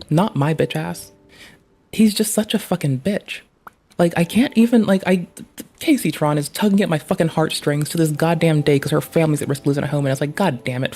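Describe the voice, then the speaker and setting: A man's voice: a little high, warm tone. A man streaming live, reacting to a clip with profane, ranting commentary.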